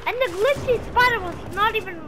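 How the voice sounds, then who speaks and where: A woman giving excitable gameplay commentary, talking to herself and swearing as she plays. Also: very high-pitched, fairly quick. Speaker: gamer. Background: game music.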